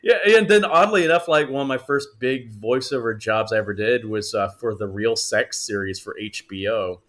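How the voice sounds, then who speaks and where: A man's voice: mid-range voice, normal speed, fairly bright tone. A man, an actor, telling stories in a podcast interview, laughing often and acting out the voices he quotes. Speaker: actor and voice actor guest. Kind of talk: animated storytelling in conversation.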